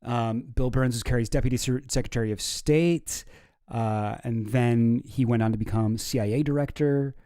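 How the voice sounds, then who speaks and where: A man's voice: mid-range voice, normal speed, dark tone, clean tone, dry recording, studio quality. A man hosting a stream, giving casual, sardonic, rambling reaction commentary. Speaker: streamer host.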